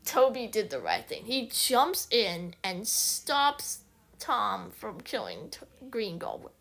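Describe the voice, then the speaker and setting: A woman vlogger rambling excitedly through a casual movie recap, full of restarts. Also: mid-range voice, takes it slowly, vocal fry.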